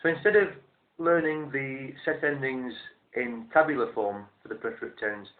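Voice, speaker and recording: A man teaching a language lesson, explaining step by step in a measured, methodical way and repeating each form slowly. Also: medium pitch. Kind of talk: instructional explanation. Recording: roomy, tinny phone-like sound.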